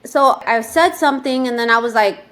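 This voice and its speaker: A woman's voice: a little high, a little fast. A woman from New York with a New York accent, chatting animatedly as a real estate agent guest on an interview show. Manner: animated, chatty, many fillers. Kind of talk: casual interview chat.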